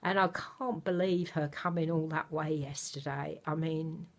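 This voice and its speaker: An older woman chatting casually to her camera at home, rambling gently with many fillers. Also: low voice, flat delivery, unhurried. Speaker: vlogger. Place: home, indoors.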